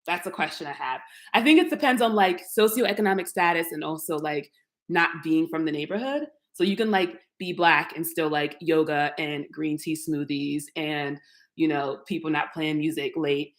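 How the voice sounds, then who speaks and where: A woman's voice: deep voice, normal speed. Chatty woman touring her echoey apartment. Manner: chatty and playful, talks straight to viewers. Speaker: YouTuber giving an apartment tour. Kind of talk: casual live-stream chat. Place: modern open-plan apartment, indoors. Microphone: camera mic, walking through rooms.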